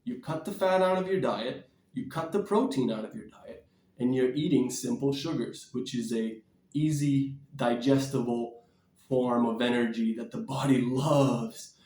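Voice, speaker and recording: A man vlogging about diet and exercise in a blunt, energetic, preachy way, sometimes moving about as he talks. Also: mid-range voice, a little slow, roomy sound, far from the mic. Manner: energetic, bouncing and shadow boxing while talking. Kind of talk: casual motivational vlog.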